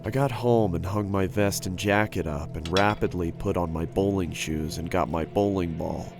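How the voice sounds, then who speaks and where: A man narrating a first-person horror story in a steady, earnest way. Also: low-pitched, moderate pace. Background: background music.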